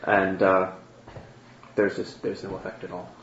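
A man's voice: deep voice, monotone, measured pace, a bit bright. A man narrating as game master, hesitant and full of fillers. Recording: roomy, dull, faint noise.

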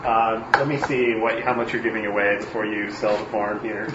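A man's voice: lowish voice, flat delivery, moderate pace, noisy background. A man playing in a tabletop game, looking up prices with hesitant fillers. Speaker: player. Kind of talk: casual tabletop banter. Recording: roomy, dull recording.

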